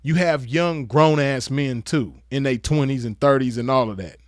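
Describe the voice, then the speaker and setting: A man's voice: mid-range voice, moderate pace, dry recording, clean studio sound. A man giving a casual commentary rant, crude, emphatic and lecturing. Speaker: online commentator.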